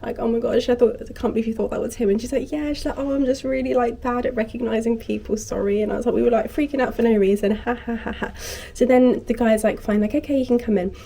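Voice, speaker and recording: A woman's voice: a little high, fairly even intonation, quick pace, creaky, few pauses, warm tone. A young woman in her twenties chatting casually to camera as a vlogger, telling a story animatedly and acting out what each person said. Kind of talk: casual chat.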